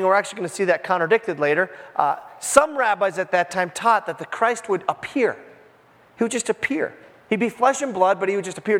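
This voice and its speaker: A man preaches to his congregation in a relaxed, conversational way, leaning hard on key points and slipping into the voices of the crowd. His voice sits high for a man. The sound carries the long reverb of a church sanctuary. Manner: conversational, emphatic, acts out voices in the scene. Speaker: pastor. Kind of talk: sermon.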